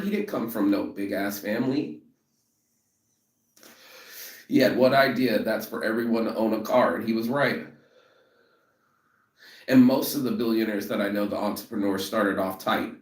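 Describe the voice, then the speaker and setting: A vlogger with a lowish voice goes on a profane, repetitive motivational rant about rejection, saying he's walking toward a train station. He talks at normal speed with frequent pauses, and the audio sounds echoey and distant.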